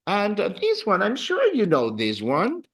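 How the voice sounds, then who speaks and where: Man, classroom teacher, higher-pitched voice, animated delivery. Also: slow pace. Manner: patient, repeats words for the class to echo. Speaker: Spanish teacher. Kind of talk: classroom language lesson.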